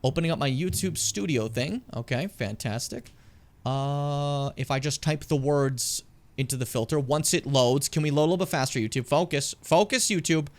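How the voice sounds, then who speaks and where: A young male streamer with a fairly high-pitched voice talks at normal speed while playing a game. He comments casually, chats with his viewers, and swears a lot.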